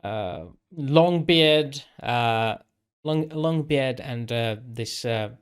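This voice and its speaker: A man narrating as game master, slow and hesitant, with many pauses and fillers. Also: mid-range voice, clean tone.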